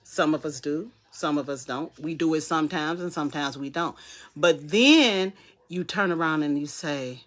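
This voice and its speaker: Wellness coach doing a live motivational talk, chatty, mid pitch, repeats the big lines, acts out the little voices in your head. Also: normal speed, a bit bright. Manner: conversational, acts out inner voices and quoted dialogue; repeats key phrases for emphasis.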